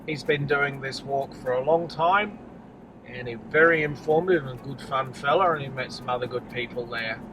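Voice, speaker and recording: A man's voice: mid-range voice, moderate pace, far from the mic, noisy background. A man casually commenting on a park as he drives through it, easygoing and enthusiastic. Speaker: travel vlogger. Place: car, driving.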